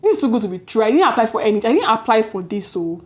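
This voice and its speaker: A young woman with a Nigerian accent, telling a story in a lively, chatty way to her vlog audience. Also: on the high side. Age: young adult. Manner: lively, chatty, quick self-corrections, Nigerian slang interjections. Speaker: vlogger. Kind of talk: casual storytelling to camera.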